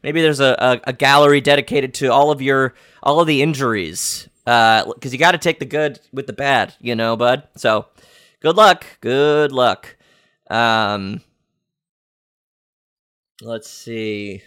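A man's voice: mid-range voice, measured pace, a bit bright, smooth, dry recording, clean studio sound. A man hosting a comedic sports-headline podcast, rambling and playfully clueless, with lots of fillers and restarts. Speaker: podcast host.

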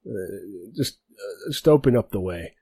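A gruff, grizzled bugbear leader speaks in a low, husky voice, voiced by a man running a tabletop game. The sound is dry and close. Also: expressive, measured pace, mellow, no echo, exaggerated voice.

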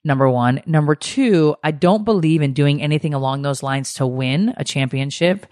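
A woman's voice: low voice, moderate pace, darkish tone, no room sound, clean studio sound. A middle-aged woman co-hosting a podcast, ranting in a heated, swearing casual chat. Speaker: podcast co-host.

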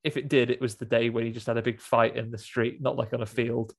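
Man, casual film recap, rambling, mid-pitched everyday voice. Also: level tone, fast. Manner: rambling, laughing, full of restarts and quoted voices.

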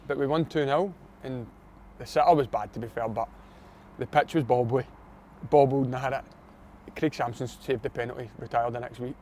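A man's voice: medium pitch, darkish tone, a little hiss or hum. A young Scottish man, a footballer, telling a story in casual chat, blunt and swearing freely.

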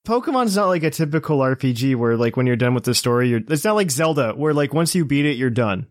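Relaxed, chuckling male podcast host. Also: medium pitch, fast, no echo, studio quality. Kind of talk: casual gaming podcast chat.

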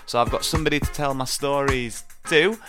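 A man's voice: mid-range voice, fairly quick, music in the background. A man hosting a fan podcast, chatting in a jokey, rambling way. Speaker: podcast host. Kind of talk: casual podcast chat.

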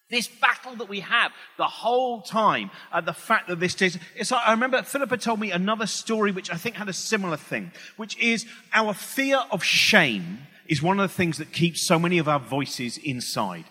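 A middle-aged comedian talks to an audience in a big hall, and his voice trails off into a long reverb. His tone is bright and a little sharp, set slightly high for a man. He wanders, restarts his sentences and slips into other people's voices. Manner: rambling, self-interrupting, acts out quoted voices. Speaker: comedian giving a talk. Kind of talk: stand-up style public talk.

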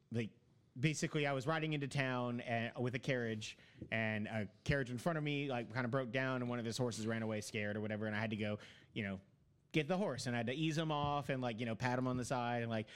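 A man's voice: medium pitch, brisk, smooth. A man in casual chat, telling long rambling stories about a video game with many fillers.

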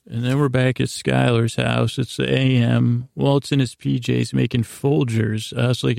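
A man hosting a slow bedtime podcast, recapping a TV episode in a meandering, hesitant way with frequent restarts. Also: mid-range voice, little pitch movement, gravelly, darkish tone, dry recording, clean studio sound. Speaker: podcast host.

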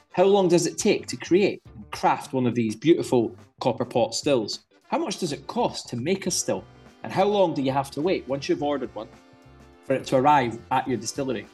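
A man's voice: mid-range voice, a little mellow, breathy edge. A man co-hosting a podcast, chatting casually in a jokey, rambling way. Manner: jokey, rambling, self-deprecating. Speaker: podcast co-host.

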